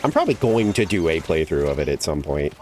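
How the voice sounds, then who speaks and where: A man's voice: very deep voice, sing-song, fast talker, a little mellow, slight background noise. A man streaming a game, chatting casually and rambling with lots of "like" and casual swearing. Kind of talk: casual chat while gaming.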